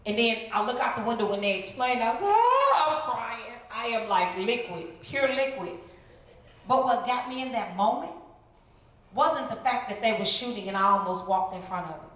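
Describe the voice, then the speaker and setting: A middle-aged woman from the Chicago area giving an animated testimony as a guest speaker in a church, jumping into high voices to act out what people said. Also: moderate pace. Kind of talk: testimony sermon. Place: large church hall. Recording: very echoey church hall, some noise.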